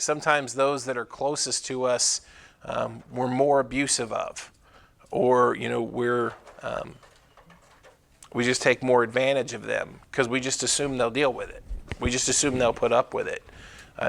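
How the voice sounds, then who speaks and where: A man's voice: medium pitch, steady tone, moderate pace, creaky, fairly bright tone. A man preaching a sermon, talking it through casually with fillers and tag questions like "right?". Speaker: pastor.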